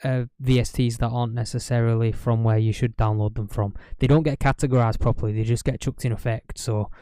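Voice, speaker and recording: A man producing music live on stream, chatting casually and greeting viewers by name in a relaxed way. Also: medium pitch, a little fast, smooth, dry recording, clean studio sound. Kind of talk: casual livestream chat.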